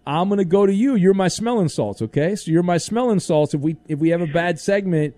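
A man's voice: high-pitched, brisk, mellow, no echo. A man hosting sports talk radio, playful and teasing as he takes calls and reads the news.

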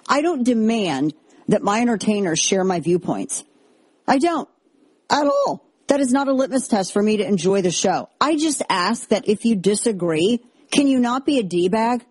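A woman in her thirties hosting a commentary show, talking in a chatty, sarcastic style with animated asides. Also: medium pitch, slightly rough, no room sound. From Texas. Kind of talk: casual opinion monologue. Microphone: headphones on, close mic.

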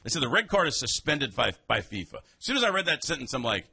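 Sports radio guy, joking around, bright voice with some rasp, bouncy delivery. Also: medium pitch, fast talker. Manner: wisecracking, laughs often, animated. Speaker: sports talk co-host. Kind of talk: casual sports chat.

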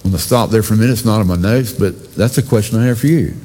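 A man's voice: on the low side, very fast, mellow, slight background noise. Man preaching in a reverberant church hall. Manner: conversational preaching with asides to the congregation. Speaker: pastor. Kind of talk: sermon.

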